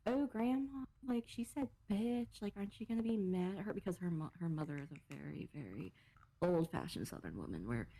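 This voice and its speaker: Young woman podcast cohost, kinda hoarse, mellow lowish voice, rambles and laughs and swears a lot. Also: slight background noise, low-quality recording. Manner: rambling, laughing, heavy cursing. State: slightly losing her voice. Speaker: podcast co-host. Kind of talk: casual chat, reading posts aloud.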